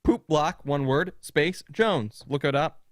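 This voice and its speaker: A man's voice: a little high, takes it slowly, no echo, studio quality. A young man co-hosting a podcast, rambling through funny stories in casual chat and laughing often. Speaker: podcast co-host.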